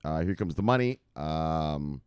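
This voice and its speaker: A man's voice: extremely low pitch, lively intonation, unhurried, a little mellow, smooth, no echo, clean studio sound. A man hosting a crypto news show, giving hyped and profane casual market commentary straight to his viewers.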